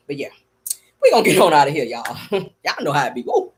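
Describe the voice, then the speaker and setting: A woman's voice: low-pitched, wildly swooping pitch, fairly quick, husky. A woman hosting a casual comedic livestream, sassy and chatty, calling her viewers honey and y'all. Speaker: livestream host.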